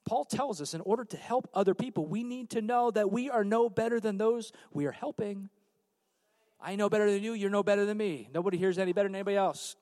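A man preaching a sermon as pastor on a church stage, swinging from hushed, low passages to loud emphatic calls out to the congregation. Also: fast, dry recording.

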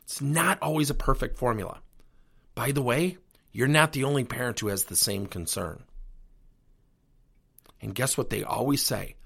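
Middle-aged man, podcast host and coach, husky, gravelly voice, very lively pitch. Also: moderate pace. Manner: animated, earnest coaching delivery. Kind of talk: solo podcast talk.

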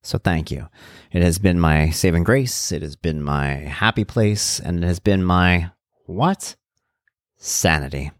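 Deep-voiced man hosting a candid podcast. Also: a little slow, dry recording, studio quality. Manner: reflective, candid, conversational. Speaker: podcast host. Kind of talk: casual personal podcast monologue.

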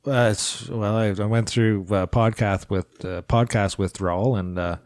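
A Canadian man co-hosting a podcast, chatting casually and hesitantly with many pauses. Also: fairly low pitch, dry recording. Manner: relaxed, hesitant with many ums and uhs. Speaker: podcast co-host. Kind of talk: casual chat.

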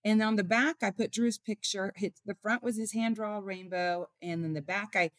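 A woman in an interview, talking at a middle pitch in an earnest, heartfelt way. She tells her stories by bringing in what others said, and her voice sounds close and dry with no room around it. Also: steady tone, normal speed, no room sound. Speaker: author and mother, interview guest.

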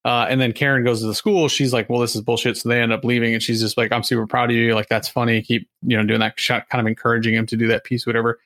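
Fast-talking man recapping a movie. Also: medium pitch, level tone, a bit bright, no room sound, clean studio sound. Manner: rambling, acts out lines from scenes. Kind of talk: casual chat recapping a movie.

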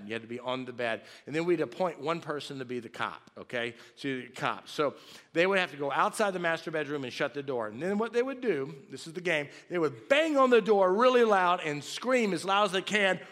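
A man in his fifties preaching in a lively, joking storytelling way, acting out loud shouts as he tells it. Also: a little high, fairly quick. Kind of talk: storytelling sermon. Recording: long reverb of a large hall.

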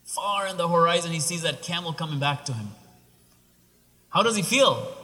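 A man preaching a sermon, telling a story with animated, rising exclamations. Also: a little high, quick pace. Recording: long reverb of a large hall.

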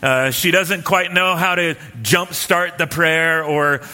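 Pastor guy telling a story in a sermon, bright kinda high voice, big hall echo. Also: slow pace. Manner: relaxed, anecdotal, many fillers and restarts. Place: church hall with live and online audience.

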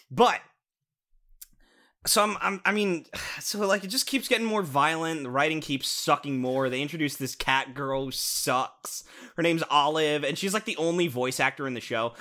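A man co-hosting a casual podcast, reviewing a show in an animated, sarcastic rant with lots of swearing and restarts. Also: a little high.

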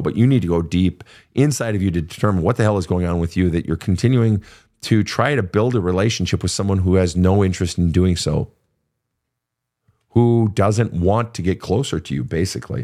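A man's voice: low voice, mellow. A man from Minnesota hosting an advice podcast, answering listener questions in a blunt, profane, casual way.

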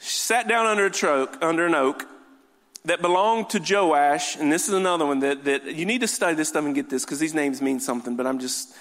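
A high-voiced man preaching to a congregation, quipping in lighter moments and then pressing his point with rising fervor. His voice carries a long reverb through a large church hall. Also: fairly quick. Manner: animated, joking asides, builds to fervent exhortation. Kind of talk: sermon.

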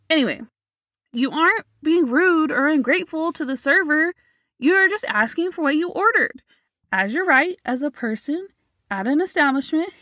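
A woman hosting her own podcast, talking alone to her listeners in a sassy, emphatic and animated way. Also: sits high, dry recording, clean studio sound. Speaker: podcast host. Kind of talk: solo motivational podcast talk.

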